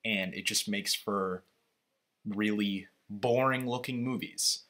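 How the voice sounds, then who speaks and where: A man with a bright, forward voice pitched a little low talks through a movie trailer. His commentary is casual and opinionated, full of halting restarts and fillers as he rambles through his thoughts.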